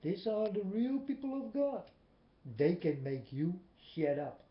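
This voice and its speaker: A man with a high, very lively voice preaches a personal story in emphatic, non-native English, going from loud to soft. The recording is dull and lo-fi, with a lot of room echo. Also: a little slow.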